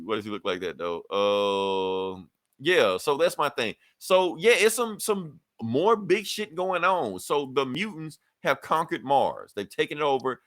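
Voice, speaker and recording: A man's voice: mid-range voice, fairly bright tone, no room sound. A man casually recapping a comic book on a podcast, acting out the characters' lines and swearing freely. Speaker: podcast co-host reviewing comics.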